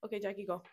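A woman's voice: a little high, a bit bright. A young woman co-hosting a casual chat, talking and giggling while she eats snacks. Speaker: co-host.

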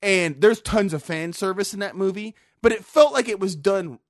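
A man with an unusually high voice rants through a casual podcast chat, swearing freely as he vents. The sound is dry and close on a studio microphone, with no room around it. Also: normal speed, no echo. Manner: heated, profane ranting. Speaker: podcast co-host.

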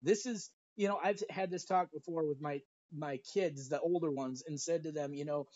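A middle-aged father co-hosting a casual podcast, talking in an animated way and acting out his anecdotes. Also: on the high side, normal speed, few pauses, no echo. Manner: animated storyteller, puts on voices in his anecdotes. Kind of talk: casual conversation. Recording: dry, dull lo-fi audio.

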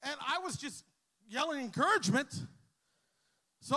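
A male pastor with a high, bright-pitched voice delivers a sermon to his congregation. He tells stories with easy humor, then climbs in volume and intensity until he is shouting. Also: moderate pace. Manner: storytelling, jokes with the crowd, builds to shouting. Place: church hall with a congregation.

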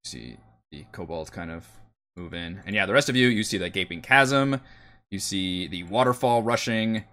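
A man narrating a tabletop game as game master, slow and full of fillers. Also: low-pitched, animated, pushed and bright.

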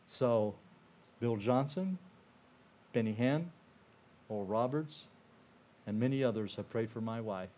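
Older male guest speaker, conversational testimony, earnest, mid-pitched, lots of "you know" and restarts. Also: normal speed, pauses often, slight background noise. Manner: earnest and emotional, dropping softer at heavy moments. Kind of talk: personal testimony told to a church audience.

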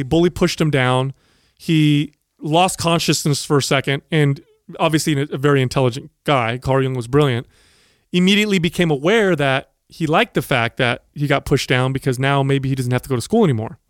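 Recorded at studio quality with no echo, a man with a slightly high voice co-hosts a podcast. In casual conversation he relates a story, voicing the people he quotes.

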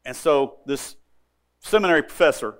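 Man preaching a lively sermon. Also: on the high side, normal speed. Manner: storytelling, repeats phrases and builds to emphatic peaks; addresses the congregation directly. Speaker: pastor.

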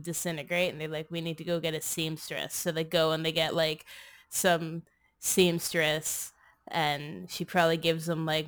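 This woman has a low voice with a fairly bright tone. Co-hosting a comedy podcast, she recaps a movie in a rambling, sarcastic, crude way, swearing frequently and using "like" all the time.

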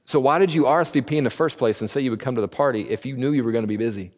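A man teaching a Bible class in a casual, conversational way, joking and briefly acting out the people in the story. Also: medium pitch. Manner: conversational, jokey, acts out the characters in quick asides. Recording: long reverb of a large hall.

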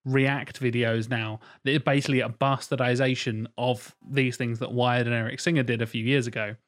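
A man's voice: mid-range voice, little pitch movement, normal speed. Blunt, sweary man in casual chat. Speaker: podcast co-host.

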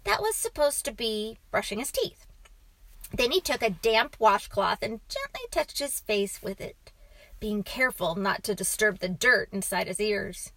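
A woman narrating a children's storybook in a calm, even reading voice. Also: mid-range voice, a little slow, no echo, rough recording.

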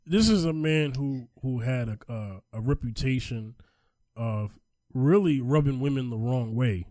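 A man co-hosting a casual podcast chat, talking in an animated, emphatic way as he tells a story. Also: medium pitch, unhurried, dry recording, studio quality. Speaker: podcast co-host.

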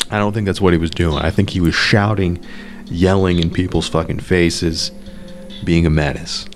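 A low-pitched podcast host reads an article aloud and tears into it with blunt, profane, sarcastic commentary. When he gets worked up, he stumbles and restarts his sentences.

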